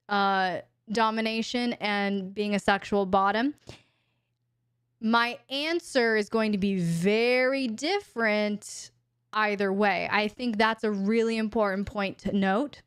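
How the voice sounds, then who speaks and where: A woman's voice: mid-range voice, fairly bright tone, clear, resonant tone, no echo, studio quality. Frank chatty woman hosting a live stream. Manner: chatty, frank, talks to her dog in baby talk. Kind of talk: casual live-stream chat. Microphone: desk microphone.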